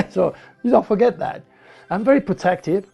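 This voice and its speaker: A man's voice: high voice, normal speed, gravelly, breathy edge, faint music behind. A man with a French accent, a native French speaker from the south of France, animatedly recounting personal stories in an interview and acting out what people said. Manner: animated storyteller who acts out quoted speech.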